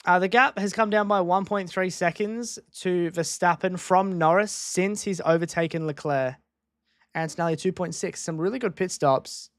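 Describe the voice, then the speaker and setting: A man's voice: high voice, moderate pace, few pauses, fairly bright tone, dry recording, studio quality. A man streaming a live race watchalong from a home desk microphone, chatting casually and repeating himself as he reacts to each moment.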